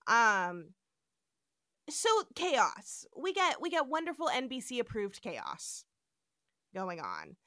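A woman's voice: a little high, takes it slowly, long pauses, no echo, clean studio sound. A woman hosting a casual podcast, retelling episode scenes and acting out the characters' lines. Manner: animated storytelling, acts out quotes. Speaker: podcast host.

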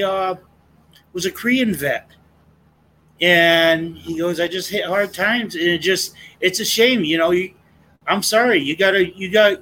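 A man's voice: high-pitched, pushed and bright, slight background noise, poor audio. A middle-aged man, a guest sharing his testimony in an earnest, impassioned, rambling way. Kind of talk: casual conversation.

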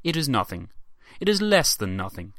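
A man's voice: medium pitch, very animated, normal speed, a bit bright, no echo, clean studio sound. A man doing an impression of a grave elderly male statesman, delivering a declamatory speech. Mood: grave, oratorical. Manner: rolling, declamatory oratory.

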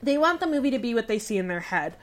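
A woman's voice: a little high, big pitch swings, fast talker. A woman co-hosting a casual podcast chat, giving her opinions emphatically and with some laughter. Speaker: podcast co-host.

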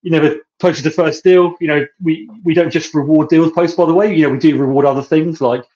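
Fast-talking man on a dull, lo-fi line. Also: a little high, steady tone, darkish tone. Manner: rambling, lots of "you know". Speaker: podcast host. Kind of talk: podcast interview. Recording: dull lo-fi sound.

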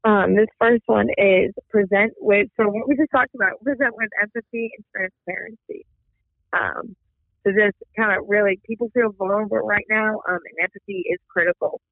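A man with a high, gravelly voice comes through a tinny phone line as co-host. He reads out marketing points in a casual way, dotted with "um" fillers. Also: steady tone, moderate pace, no room sound. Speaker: podcast co-host. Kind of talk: casual business chat.

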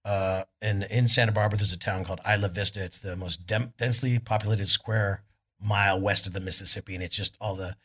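A middle-aged man with a Californian accent, speaking live on a club stage. His low voice has a husky edge. He rambles through animated stories and jumps into loud voices when he quotes people. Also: a little fast. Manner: rambling, animated storyteller, acts out quotes loudly. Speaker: guest, rock singer. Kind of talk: live on-stage storytelling interview.

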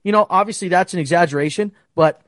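A man's voice: sits high, fast talker, fairly bright tone, no echo, clean studio sound. A young man hosting a casual sports betting talk, ranting heatedly and swearing often. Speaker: sports betting podcast host.

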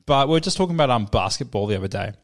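A man's voice: mid-range voice, expressive. A young man co-hosting a podcast, telling crude jokey stories in casual banter. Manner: rapid, jokey storytelling. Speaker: podcast co-host.

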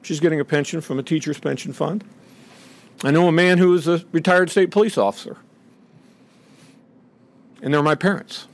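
A man's voice: moderate pace, long pauses. A middle-aged man giving an impassioned, indignant public speech from a podium, acting out the voices he quotes. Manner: indignant, acts out quoted voices with rising pitch. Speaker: speaker at a podium.

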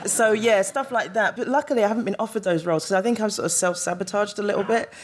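Animated laughing woman actor. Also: mid-range voice, fast talker, husky. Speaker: actor and guest. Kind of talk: casual chat on a live podcast.

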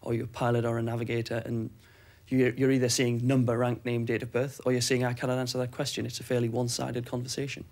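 A man recounting a personal ordeal in measured, even testimony. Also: mid-range voice. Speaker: interviewee recalling captivity.

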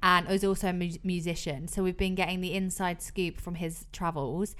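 A woman's voice: on the low side, steady tone, normal speed, a bit bright, clean tone. A woman hosting a podcast in casual chat, steering it with questions. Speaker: podcast host.

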